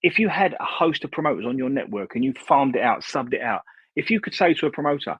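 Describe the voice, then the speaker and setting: Husky man on a dull line. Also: medium pitch, sing-song, quick pace, no echo. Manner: earnest, lays out arguments point by point. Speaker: podcast co-host. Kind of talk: casual chat. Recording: dull, lo-fi remote mic.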